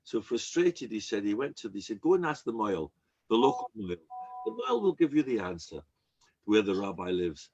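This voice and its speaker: A rabbi giving a sermon, telling a story and acting out the people in it. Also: male voice, fairly low pitch, fairly quick, husky. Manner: animated storyteller acting out quoted characters. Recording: dull lo-fi recording.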